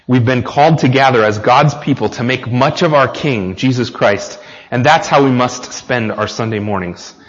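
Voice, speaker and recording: Earnest American preacher, mid-pitched, sermon delivered straight to the congregation, slightly muffled recording. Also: male voice, normal speed, in a large hall. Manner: earnest, speaks directly to the congregation with questions.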